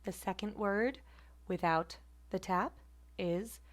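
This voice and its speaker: A woman teaching a phonetics class, repeating example words slowly and carefully. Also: mid-range voice. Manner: careful, deliberate word repetition. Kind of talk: slow online pronunciation lesson.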